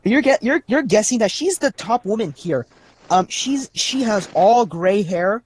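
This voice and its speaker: A man narrates a tabletop game as its game master, talking over a video call. His delivery is halting and rambling, full of fillers, while his pitch swings widely. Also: lively intonation, slightly rough.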